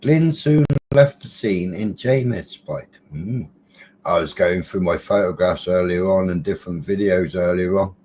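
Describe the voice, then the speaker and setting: A man's voice: low voice, unhurried, darkish tone, a little hiss or hum. Chatty man streaming live. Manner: chatty and teasing, reads out viewers' names, mild swearing. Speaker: livestream host. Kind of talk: casual livestream chat greeting viewers.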